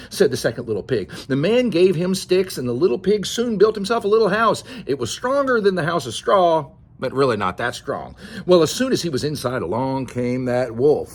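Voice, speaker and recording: An older man reading a picture book aloud to his grandchild, expressive and chatty, pointing out the pictures as he goes. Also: medium pitch, brisk, slightly rough.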